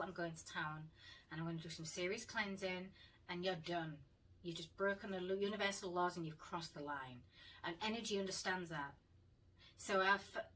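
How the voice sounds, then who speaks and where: A woman's voice: on the low side, bright, forceful tone, husky, far from the mic, poor audio. A woman telling a ghost story in a blunt casual vlog, laughing and swearing as she talks. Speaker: paranormal vlogger.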